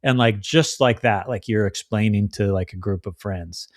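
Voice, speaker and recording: Chatty low-voiced man, dry sound. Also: moderate pace, no room sound. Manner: chatty, acts out quoted voices. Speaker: podcast co-host. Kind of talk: casual chat.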